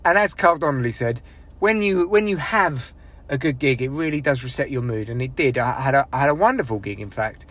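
A man hosting his own podcast, delivering an angry, sweary monologue about a bad gig with bursts of shouting. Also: medium pitch, big pitch swings, a little fast. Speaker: podcast host. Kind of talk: solo ranting podcast monologue.

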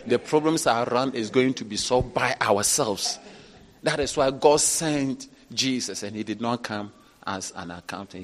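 A man, a bishop preaching a sermon, who swings from low, quiet asides up to laughing shouts. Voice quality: animated, rising to shouts and laughter. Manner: preaching with call-outs and acted quotes. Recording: long reverb in a large hall.

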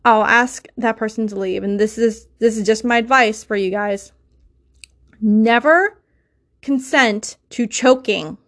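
A woman's voice: on the high side, unhurried, a bit bright. A young woman hosting a solo podcast, talking in an emotional, insistent way and swearing often. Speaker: podcast host.

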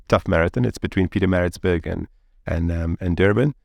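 A man in his thirties recounts a story as an interview guest, filling his sentences with "like" and "you know". His voice sits low with a gravelly edge, and the sound is dry and close. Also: brisk, no room sound. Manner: animated, rambling with many fillers like "like" and "you know".

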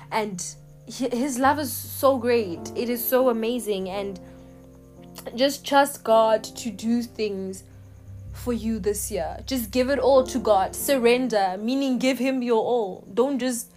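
Earnest woman giving a devotional message. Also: fairly high pitch. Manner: earnest, encouraging, unhurried pauses. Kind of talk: devotional podcast exhortation.

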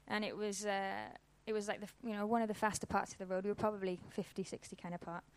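A woman's voice: mid-range voice, level tone, quick pace. A woman, giving an informal church talk and telling a personal story in a casual, conversational way. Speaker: church speaker.

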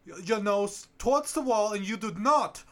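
Guy putting on a scary english nanny, high and loud. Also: moderate pace. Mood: menacing. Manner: exaggerated put-on English accent, laughing. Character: menacing English nanny, woman, stern.

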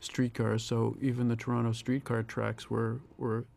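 An older man talks through a film in a calm director's commentary, measured and reflective, pausing to pick his words. His voice stays low and level, with hardly any rise or fall, and a gravelly edge runs through it. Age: 60s. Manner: reflective, measured, with pauses and restarts. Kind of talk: audio commentary.

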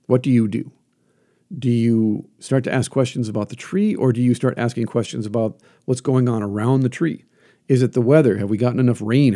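A man hosting a solo talk, coaching the listener earnestly and putting questions to himself out loud. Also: mid-range voice, gravelly. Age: adult, teaches classes. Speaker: podcast host.

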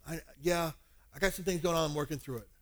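A man's voice: fairly high pitch, quick pace, a bit bright, dry recording, natural voice. A preacher doing a mumbling, evasive man. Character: evasive former churchgoer, quiet and guarded.

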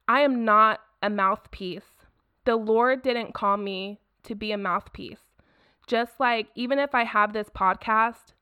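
A woman's voice: mid-range voice, sharp tone, clear, resonant tone, no room sound. Earnest woman hosting a Bible podcast. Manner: earnest, encouraging, repeats phrases for emphasis. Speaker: podcast host. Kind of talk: Bible study podcast, reading scripture aloud.

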